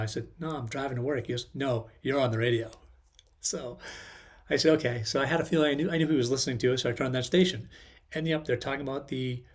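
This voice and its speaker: A man hosting his own channel, telling a personal story in a casual, rambling way with many ums and restarts. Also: medium pitch. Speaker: channel host.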